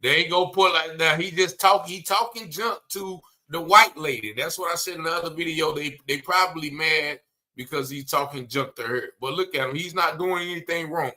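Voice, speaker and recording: A man's voice: fairly high pitch, fairly quick, sharp tone. A man commenting on a video, emphatic and blunt, repeating his points with indignation.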